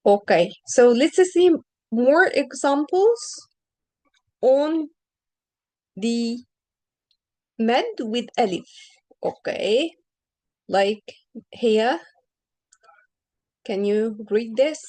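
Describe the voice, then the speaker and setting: Woman, teacher, higher voice, patient, drawn-out example sounds, online lesson. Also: animated, mellow, no room sound, low-quality recording. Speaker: Arabic reading teacher.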